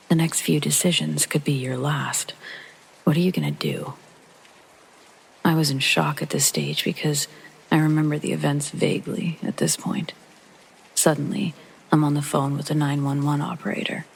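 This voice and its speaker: A man hosting and narrating a true horror story in a hushed, half-whispered way, with a gravelly, husky and breathy voice. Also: fairly high pitch, expressive, moderate pace, slight background noise, poor audio. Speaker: host and narrator.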